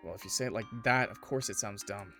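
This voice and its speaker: A man voicing a nervous young man who talks quietly and stammers. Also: lowish voice, fast talker, faint music behind, pitched below the performer's own voice. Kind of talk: game voice acting.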